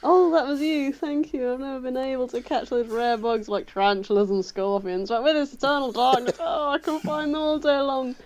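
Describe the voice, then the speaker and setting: A woman's voice: sits high, steady tone, normal speed, hardly any pauses, darkish tone. A woman voicing grateful animal villagers from a cozy life-sim game, talking with gushing delight. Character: grateful animal villagers, bug-hunting enthusiasts.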